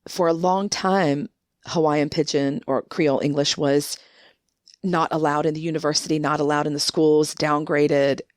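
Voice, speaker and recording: Woman on a podcast, low voice, really emphatic, keeps restarting, dry close mic. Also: fairly even intonation, normal speed, no room sound. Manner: emphatic, many restarts and rising indignation. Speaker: guest, book contributor. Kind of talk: animated conversational storytelling.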